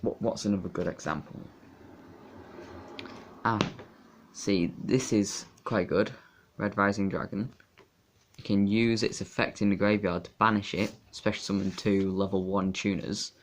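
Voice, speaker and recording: A young man casually talking through a card game deck, rambling and halting with fillers and restarts. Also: on the low side, steady tone, slight background noise. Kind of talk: casual deck profile talk.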